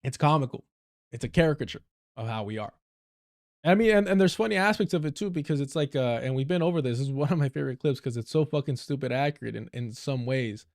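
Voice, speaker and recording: A man's voice: medium pitch, fast talker, a little mellow. A man from Southern California with a Southern Californian accent, giving blunt, heavily profane casual commentary as a livestream host. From Southern California, United States. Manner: blunt and profane, with frequent swearing and laughing asides.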